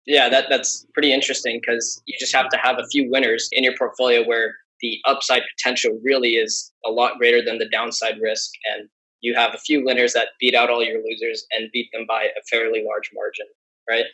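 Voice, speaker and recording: A man's voice: mid-range voice, level tone, brisk, pushed and bright, low-quality recording. A man interviewing a guest, asking questions in a curious, casual way.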